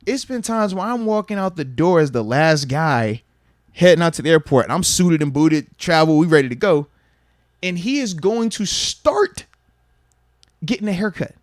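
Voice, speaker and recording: A man in his thirties, a former football player hosting a podcast, telling stories in casual chat and acting out the quoted dialogue with big jumps in pitch and loudness. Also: expressive, fairly quick, no echo, clean studio sound.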